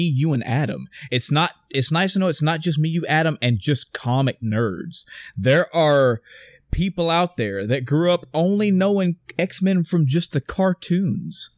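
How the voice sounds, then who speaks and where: A man in his thirties, excitably talking in a casual chat, swearing freely and acting out scenes. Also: mid-range voice, unhurried, no room sound, studio quality.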